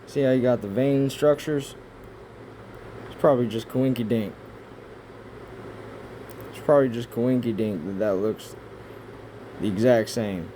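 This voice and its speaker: A man rambling through pictures in casual commentary, swearing often and breaking into excitable outbursts between rambling asides. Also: mid-range voice, measured pace, pauses often, a little hiss or hum. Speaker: video creator. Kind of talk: casual conspiracy commentary over images.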